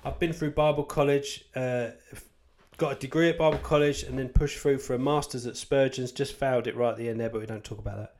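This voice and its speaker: This man, a Christian author, chats informally about church life in a brisk, mid-range, slightly mellow voice with fairly even intonation. He wanders from point to point, speaks openly, jokes at his own expense, and hammers points home by repeating them.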